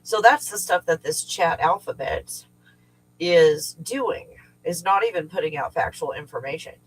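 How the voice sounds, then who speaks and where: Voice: medium pitch, animated, unhurried, slightly rough, poor audio. A middle-aged host talks off the cuff on a livestream, wandering from point to point. Swearing comes easily and often, in a loose, venting, conversational way. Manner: rambling, profane, venting with frequent swearing. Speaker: livestream host and remote viewing teacher. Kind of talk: casual livestream chat. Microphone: livestream setup.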